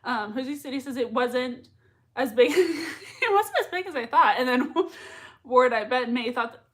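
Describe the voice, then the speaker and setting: Young woman streamer, high bright voice, gushing, giggly, chatty and loose with plenty of fillers. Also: animated, slight background noise. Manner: gushing, quick to laugh, many fillers. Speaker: livestream reaction host. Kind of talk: casual live chat reading comments.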